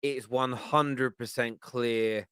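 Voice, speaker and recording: A male football podcast host with a bright, forceful voice. He is recorded dry and close, and he asks his guest questions with eager energy. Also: medium pitch, steady tone, slow pace, clear, resonant tone, dry recording. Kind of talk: casual podcast hosting.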